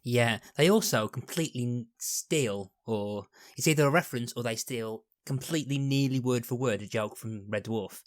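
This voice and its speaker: A man's voice: medium pitch, normal speed, hardly any pauses, dry recording. Brief: male host, casual rambling analysis, dead-dry recording. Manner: rambling, many restarts and fillers. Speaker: podcast host. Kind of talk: casual podcast chat.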